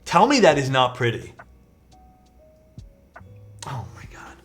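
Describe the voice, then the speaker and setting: A man's voice: medium pitch, wildly swooping pitch, slow, fairly bright tone, soft background music. A young man chatting casually with his live-stream chat while building a keyboard, laid-back and self-deprecating, reading messages aloud.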